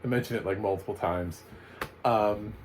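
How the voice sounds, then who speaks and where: An American man giving a casual, chatty spoken film review, full of animated asides and fillers. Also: on the low side, normal speed, a little hiss or hum, rough recording. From United States. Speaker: movie reviewer.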